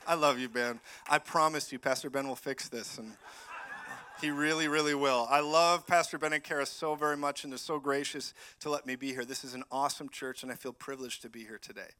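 A man preaching as a guest speaker in a church, animated and swinging between loud declarations and quiet prophetic words. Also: mid-range voice, fast talker, hardly any pauses, a little hiss or hum. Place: church sanctuary.

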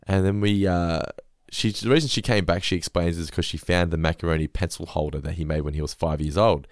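A man hosting a podcast who recaps an episode in a lively, jokey casual chat and swears freely. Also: sits low, fairly quick, no room sound, studio quality. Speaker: podcast host.

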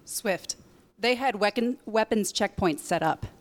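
A woman's voice: medium pitch, measured pace. A woman reading first-person testimony aloud at a live reading, plain and matter-of-fact. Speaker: reader at a live oral-history reading.

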